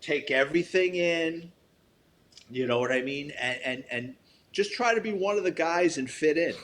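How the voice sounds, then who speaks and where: A man's voice: fairly high pitch, animated, normal speed, fairly bright tone, a little hiss or hum. An older man, a retired detective telling stories in an interview, blunt and profane, acting out quoted dialogue. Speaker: retired police detective, guest. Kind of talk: storytelling interview.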